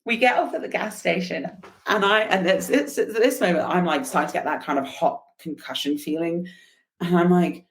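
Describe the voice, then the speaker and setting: A woman guest on a podcast, telling a personal story in an animated, chatty way with laughs and fillers. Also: on the low side, a little fast. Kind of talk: casual storytelling interview.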